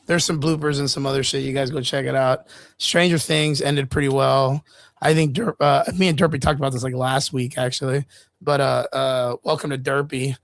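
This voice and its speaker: A man's voice: medium pitch, fairly even intonation, normal speed, gravelly, dry recording. A man co-hosting a casual streamed chat show, joking loosely and swearing, with lots of "dude" and "bro". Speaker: podcast co-host. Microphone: streaming mic.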